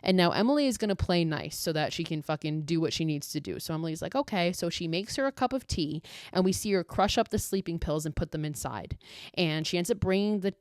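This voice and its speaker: A young woman with a fairly low voice tells a horror movie's plot in a casual, animated way, swearing freely. Her voice is close and dry, with no room sound. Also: quick pace, clean tone, no echo. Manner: profane, animated storytelling. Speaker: podcast host.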